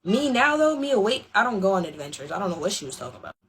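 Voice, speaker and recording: A woman of about twenty telling a dream story in a relaxed, slangy, wry way. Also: medium pitch, very fast.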